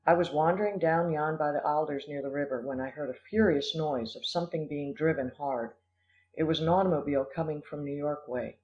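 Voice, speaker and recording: A man's voice: a little high, a little mellow, lightly acted. A man voicing an earnest little Scottish terrier. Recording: dull lo-fi audio.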